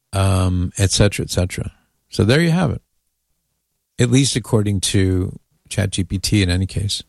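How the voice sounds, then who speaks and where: A man's voice: sits low, moderate pace, gravelly, darkish tone, dry recording, clean studio sound. A man hosting a casual radio talk show, chatting in an amused way and reading listener emails aloud.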